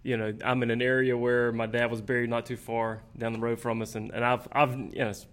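A man hosting a casual interview, firing off quick questions and dropping in short affirmations. His voice sits at a medium pitch for a man. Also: little pitch movement. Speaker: podcast host.

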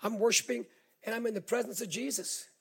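A middle-aged male pastor with a Southern accent, preaching a sermon as an animated storyteller who repeats words and builds to shouts. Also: sits high, brisk, husky.

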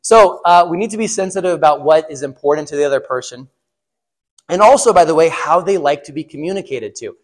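A man's voice: on the high side, lively intonation, brisk. A middle-aged man giving a casual sermon on marriage to a class, chatty, laughing at his own stories and asking the room questions. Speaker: pastor or class teacher.

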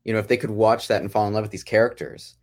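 A man's voice: on the low side, steady tone, fast, a little mellow. A man who writes and directs a podcast sitcom, talking casually in a rambling way, often breaking off mid-phrase and chuckling.

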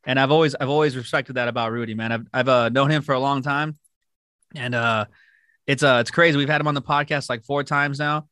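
A podcast host who talks quickly in a loose, profane style and strings together long, rambling questions. His voice is bright and forward. The sound is dry and close-miked. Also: mid-range voice, steady tone, dry recording. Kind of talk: casual podcast interview.

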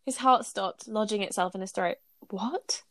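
A woman co-host who reads a story aloud and breaks off to chat. She's blunt and animated, with a mid-range voice. The sound is dry and close. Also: medium pitch, brisk, no room sound. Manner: animated, blunt, swears freely. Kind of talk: casual chat and story reading.

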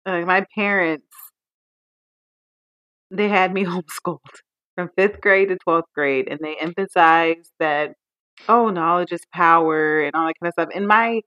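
Articulate woman in her thirties, lower voice. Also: unhurried, fairly bright tone, dull audio. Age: 30s. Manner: crisp, articulate, emphatic. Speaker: podcast co-host. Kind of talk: casual chat.

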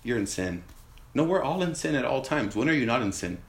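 A man preaching a sermon in an animated way, asking rhetorical questions and acting out quoted voices. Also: mid-range voice, quick pace, roomy sound.

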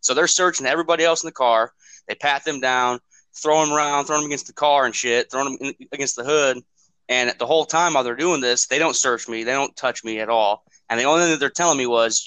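A quick, bright-voiced man telling a story on a podcast, swearing freely and rambling as he acts out the other people's lines. His voice is dry and close, with no room around it. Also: medium pitch, smooth, dry recording, low-quality recording. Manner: profane, rambling, acts out quotes. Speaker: podcast co-host. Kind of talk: casual storytelling.

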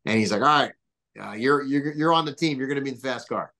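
A man's voice: medium pitch, fast talker. A man in his thirties, a guest on a podcast, telling casual stories in a rambling way full of fillers. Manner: rambling, filler-heavy, animated. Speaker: podcast guest, business founder. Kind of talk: casual storytelling interview.

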